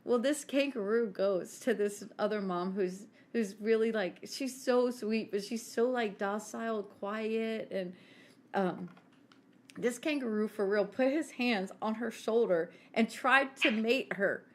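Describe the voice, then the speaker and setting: A woman co-hosting a podcast, telling a story in an animated, giggly way and acting out the quotes. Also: a little high, a little slow, a little hiss or hum. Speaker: podcast co-host. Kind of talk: casual storytelling chat.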